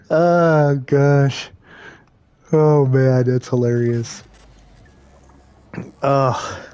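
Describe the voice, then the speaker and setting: A man's voice: a little high, warm tone. A man chatting casually while playing a video game, joking, rambling and laughing a lot. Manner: easygoing, rambling. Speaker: gamer. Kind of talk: casual gameplay chat.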